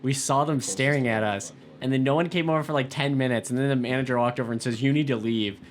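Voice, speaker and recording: A young man, a podcast co-host, telling a story quickly in casual chat. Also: mid-range voice. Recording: faint background noise.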